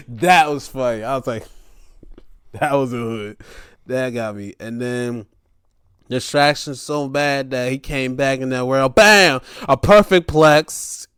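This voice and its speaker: A man's voice: mid-range voice, fairly even intonation, measured pace, a bit bright, clear, resonant tone. A man hosting a casual, profane wrestling recap, acting out scenes in different voices. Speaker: show host.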